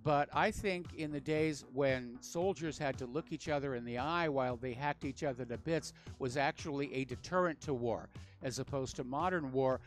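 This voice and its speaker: A man hosting a talk radio show, speaking in a measured, earnest way. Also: mid-range voice.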